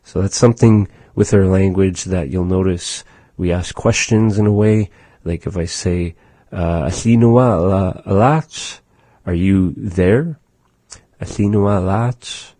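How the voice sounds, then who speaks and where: A man teaching a language lesson in a slow, measured way, with many pauses and fillers. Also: deep voice, fairly even intonation, dark tone, no room sound.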